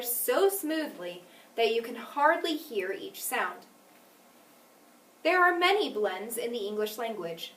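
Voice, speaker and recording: A woman teaching a phonics lesson, speaking clearly and deliberately and stressing each example word. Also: a little high, sing-song, fairly bright tone. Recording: echoey room, mic at a distance.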